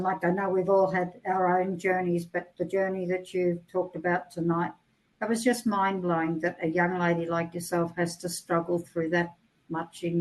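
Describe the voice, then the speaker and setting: A woman's voice: lowish voice, poor audio. A woman joining an online session, affectionate and a little hesitant, with many fillers. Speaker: participant. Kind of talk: casual group chat.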